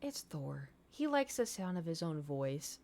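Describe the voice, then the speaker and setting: A woman's voice: low voice, sing-song, unhurried, darkish tone. A woman streamer chatting casually to her viewers, telling a long rambling story full of fillers and blunt swearing. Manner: rambling, filler-heavy, candid and profane.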